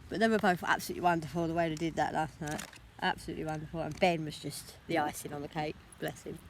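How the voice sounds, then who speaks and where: A woman's voice: sits low, steady tone, a little hiss or hum. Tired, rambling woman vlogging outdoors. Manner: rambling, talks without pausing to think. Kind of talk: casual vlog chat. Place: outdoors on a street, walking.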